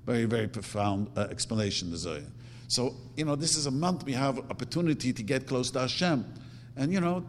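A man's voice: mid-range voice, a bit bright. A middle-aged man teaching a religious lesson as a rabbi, animatedly acting out quoted prayers. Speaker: rabbi teaching a Torah class. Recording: reverberant hall with faint hum.

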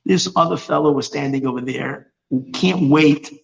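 A male preacher telling a religious story in an animated way, often repeating and restarting his words. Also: a little high, normal speed, gravelly, lo-fi sound, slight background noise. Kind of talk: storytelling sermon.

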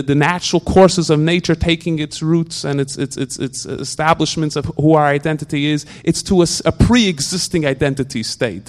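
A man giving an informal religious talk, full of rhetorical questions, often stuck repeating a word before going on. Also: on the high side. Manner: repetitive stammering restarts, animated rhetorical questions.

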